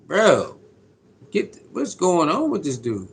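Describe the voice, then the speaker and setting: Slangy high-voiced man chatting live. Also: huge pitch swings, takes it slowly, vocal fry, a little hiss or hum. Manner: slangy, repeats himself, greets viewers by name. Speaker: live streamer chatting with viewers. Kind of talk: casual live-stream chat.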